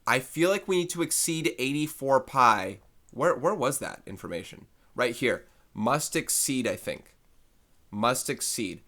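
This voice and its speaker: A man's voice: mid-range voice, expressive, unhurried, a bit bright. A man teaching a recorded math lesson, thinking aloud in a loose, conversational way and correcting himself as he works through a problem.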